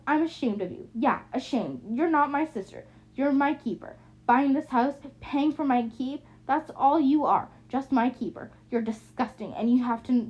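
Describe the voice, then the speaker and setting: Woman voicing a drunk, bitter young sister: mocking and accusing, higher pitch, lo-fi audiobook sound. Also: lightly acted. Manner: taunting, accusing, slurring anger. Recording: muffled lo-fi recording.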